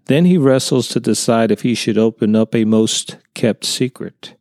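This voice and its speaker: A man narrating a short story in a calm, measured way. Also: medium pitch, no room sound, clean studio sound.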